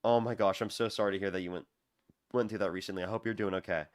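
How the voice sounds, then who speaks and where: Fast-talking young man streaming live. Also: lowish voice, fairly even intonation, no room sound, studio quality. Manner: rapid-fire, repetitive thank-yous to donors. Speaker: livestream debate host. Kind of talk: casual livestream talk.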